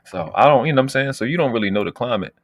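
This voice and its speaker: Speaking very fast and animatedly in a mid-range voice, a brash, slangy man from the United States runs a casual livestream for his channel, boasting and trash-talking with his chat. The recording is dry.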